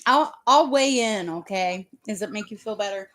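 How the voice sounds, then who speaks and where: A woman's voice: medium pitch, expressive, normal speed, fairly bright tone, a little hiss or hum. A woman chatting casually with a friend, teasing and upbeat and encouraging. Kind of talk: casual chat.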